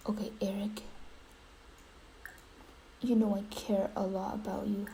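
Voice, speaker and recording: A woman's voice: medium pitch, little pitch movement, a little fast, vocal fry, dark tone, a little hiss or hum, low-quality recording. A young woman giving dramatic, half-whispered commentary while playing a life-simulation game. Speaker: gaming YouTuber.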